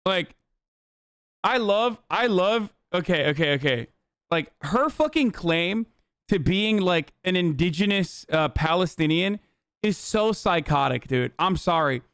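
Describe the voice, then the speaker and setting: Young male streamer, pitched a bit high, smooth and clear, rants with constant swearing; dry close-mic sound. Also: a little slow, no echo. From Turkey. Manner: profane, animated ranting. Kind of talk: casual live-stream commentary.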